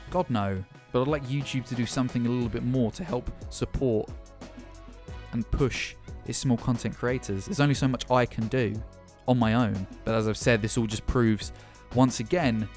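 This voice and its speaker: A man's voice: mid-range voice, a little mellow. A man delivering an angry, impassioned vlog rant as a gaming YouTuber, sarcastic and swearing often. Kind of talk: ranting vlog commentary.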